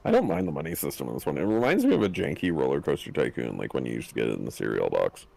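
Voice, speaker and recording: Super deep raspy-gravel guy, voice jumps all over, teasing and cursing on a game stream. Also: big pitch swings, racing, a little mellow. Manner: teasing, swears freely, laughs often. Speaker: co-player on a stream. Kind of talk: casual gaming chat.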